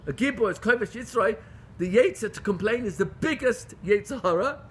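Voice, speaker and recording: A man teaching a Torah class to a group. He questions his listeners and swings between loud pleading and hushed intimacy. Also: high-pitched, lively intonation, a little fast, slight background noise. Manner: questions the audience. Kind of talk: Torah lecture to a live group.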